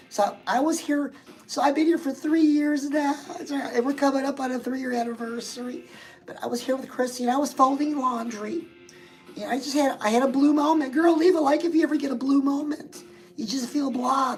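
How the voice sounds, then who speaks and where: A woman's voice: high voice, fairly even intonation, normal speed, darkish tone, faint music behind, poor audio. A woman hosting a casual motivational live stream, chatting straight to her viewers and reading out their comments.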